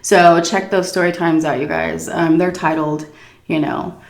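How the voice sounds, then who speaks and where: Brief: frank, giggly vlogger woman, middle-aged, low gravelly voice, roomy echo. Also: level tone, measured pace. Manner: candid, crude, giggly. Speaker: YouTuber answering viewer questions. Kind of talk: casual Q&A chat.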